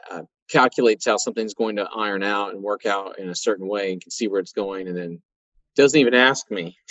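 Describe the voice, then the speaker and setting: A man, telling stories in a folksy, animated way as a guest in a conversation. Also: medium pitch, no echo. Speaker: guest, auto repair shop owner. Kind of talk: conversational interview storytelling. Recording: dry, muffled sound.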